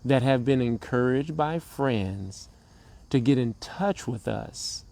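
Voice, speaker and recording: A man co-hosting a relationship talk show, speaking in a measured, preacher-like cadence with long pauses. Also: mid-range voice, expressive, a little mellow. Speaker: co-host, relationship coach. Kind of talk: slow motivational talk.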